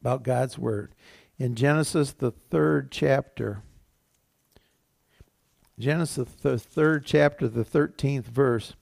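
A pastor preaching a sermon, his voice gravelly and full of fry at the ends of phrases. He talks in a middle register and now and then acts out the whispered lies of temptation. The sound is dry, with no room echo. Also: medium pitch, slow, pauses often, darkish tone. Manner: preaching with acted quotes of temptation, rising and falling.

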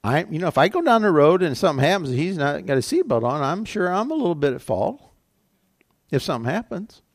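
Older pastor with a gravelly, lively voice. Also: male voice, a little high, brisk, no room sound, clean studio sound. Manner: conversational, storytelling with self-corrections. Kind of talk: sermon.

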